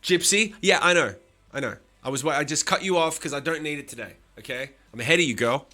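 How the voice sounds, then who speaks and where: A man's voice: fairly high pitch, fast, sharp tone. A man hosting a live stream, chatting casually with his viewers, swearing often and teasing them with bursts of laughter.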